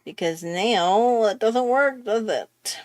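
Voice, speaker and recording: This artist's voice is a little high and darkish, and she speaks slowly. She chats casually while drawing on her livestream, laughing often and making fun of herself.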